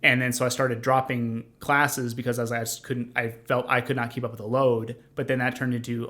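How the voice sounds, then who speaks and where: A young man recounts his own story as a podcast guest in a flat, level voice that barely rises or falls. He talks in an earnest, rambling way, full of fillers and restarts. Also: mid-range voice, brisk, hardly any pauses. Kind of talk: conversational storytelling.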